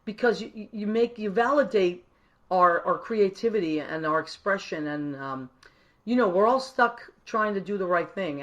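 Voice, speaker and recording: A woman musician hosting a live online show, chatting warmly and effusively and greeting viewers by name. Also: on the low side. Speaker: online radio show host. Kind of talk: casual live-stream chat.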